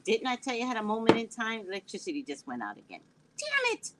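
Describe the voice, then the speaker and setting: Racing along in a fairly high voice, a woman hosts a casual psychic livestream indoors at home, joking and engaging her chat animatedly. Lacking a proper mic, the audio is very noisy.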